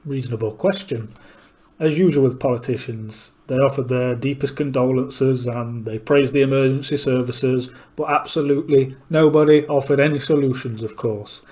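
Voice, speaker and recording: A man's voice: medium pitch, fairly even intonation, normal speed, a little mellow. A man giving blunt, opinionated commentary between clips and asking pointed questions. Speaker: political commentator.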